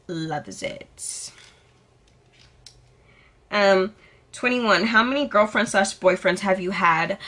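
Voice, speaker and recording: Sassy, bright-voiced young woman vlogger. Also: medium pitch. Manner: sassy, dramatic, swears freely. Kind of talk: casual get-to-know-me vlog.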